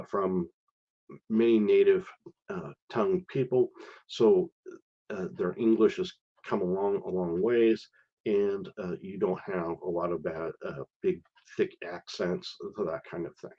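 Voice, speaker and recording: A man's voice: fairly low pitch, a little mellow, dull audio. A middle-aged man talking casually on a live stream, hesitant, with many fillers and restarts. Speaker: live stream host sharing visa experience.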